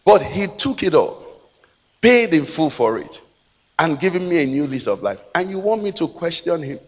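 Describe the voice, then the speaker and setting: Man, Nigerian English accent, pastor's sermon, fairly high voice, long hall reverb. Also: very animated, moderate pace. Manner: impassioned preaching, swinging from shouts to hushed prayer.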